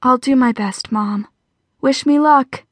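A woman's voice: high-pitched, slow pace, no room sound. A woman narrator voicing a determined young mother with a wry edge.

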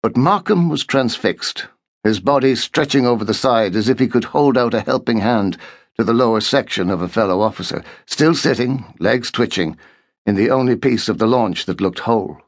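A man's voice: mid-range voice, moderate pace, no echo. Man narrating an audiobook in a dry studio. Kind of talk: scripted narration.

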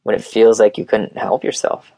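A man's voice: on the low side, monotone, normal speed, warm tone, dry recording, natural voice. A man voicing a guarded, hurting teenage girl who answers in a curt, reluctant way.

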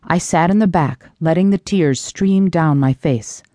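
A woman narrating a first-person audiobook in an expressive, animated reading. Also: lowish voice, unhurried, no echo, studio quality.

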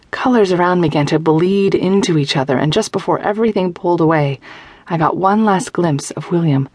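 A woman narrating a young-adult novel in first person, close to a studio microphone, with measured, tense, intimate storytelling. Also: lowish voice, a little mellow, no room sound. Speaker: audiobook narrator.

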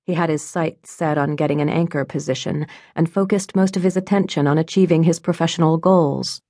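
Woman narrating an audiobook, low mellow voice. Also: steady tone, a little fast, no echo, studio quality. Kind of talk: scripted narration.

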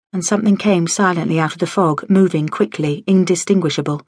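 A woman's voice: on the low side, brisk, few pauses, slightly rough, no room sound. Wry woman reading an audiobook. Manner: wry, lively storytelling. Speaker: audiobook narrator. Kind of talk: scripted first-person narration. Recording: dry studio audio.

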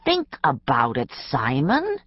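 A woman voicing a smooth male doctor coaxing an old man to sell. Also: fairly low pitch, huge pitch swings, a little slow, dry recording, muffled recording, exaggerated voice. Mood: persuasive. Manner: coaxing, persuasive.

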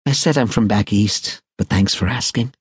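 A man's voice: fairly low pitch, moderate pace, breathy edge, dry recording. A man reading an audiobook voices a sarcastic, sultry aging actress who answers sweetly with a barbed edge. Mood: coy.

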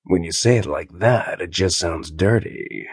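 Smug insubordinate agent, gravelly and scoffing, voiced by a man; dry audiobook read. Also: low-pitched, expressive, a little slow, dry recording, exaggerated voice. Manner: cocky, scoffing. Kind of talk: audiobook character voice.

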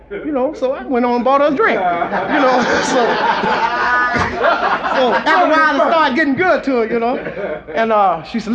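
A man's voice: extremely high pitch, lively intonation, moderate pace, muffled recording, over a noisy crowd, heavy background noise. A man doing a raunchy stand-up routine, telling crude jokes and a rhyming jungle toast on an old live recording. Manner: bawdy storytelling with crude punchlines. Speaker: stand-up comedian. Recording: old live club recording, audience laughter audible. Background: audience laughter.

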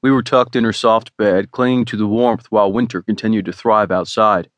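Low-voiced male romance narrator. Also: fairly even intonation, a little fast, dry recording. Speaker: audiobook narrator. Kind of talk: first-person romance narration.

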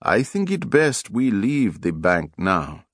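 A man voicing a calm older male fisherman who speaks slowly and with resignation, read as an audiobook character voice. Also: on the low side, dry recording, clean studio sound, exaggerated voice. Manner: slow, unhurried, resigned.

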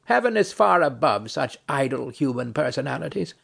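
A man's voice: medium pitch, very animated, moderate pace, gravelly, fairly bright tone, slightly rough, pitched below the performer's own voice, exaggerated voice. A man reading a play aloud, voicing a weary, ironic nobleman who speaks in a dry, mocking, philosophical way. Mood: weary, brooding. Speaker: audiobook narrator.

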